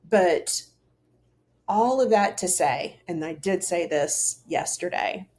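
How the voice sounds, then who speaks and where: A woman's voice: on the low side, unhurried, a little mellow. A middle-aged woman hosting her own show, talking earnestly and casually to camera, rambling with fillers and restarts. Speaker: host. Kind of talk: casual solo talk to camera.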